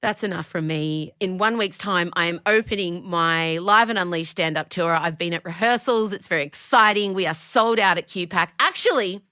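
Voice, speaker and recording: An Australian woman hosting a podcast, chatting in an animated, opinionated way, swearing freely and jumping between tangents. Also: on the low side, moderate pace, few pauses, clean tone, no room sound, studio quality. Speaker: podcast host; comedian. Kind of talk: casual podcast chat.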